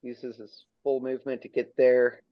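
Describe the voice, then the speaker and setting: A man's voice: mid-range voice, monotone, normal speed, dry recording. A man running a tabletop game as dungeon master, talking through rules and monster moves in a casual, matter-of-fact way. His voice sits in a middle range, and the home recording is dry and slightly dull.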